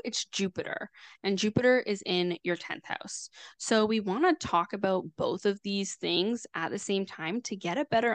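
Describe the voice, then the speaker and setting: A woman astrologer talks through ideas in an easy, chatty way, full of fillers and quick restarts. Her voice is smooth and clear, and the sound is dry and close. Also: medium pitch, no echo. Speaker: astrologer guest. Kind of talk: casual explanatory conversation.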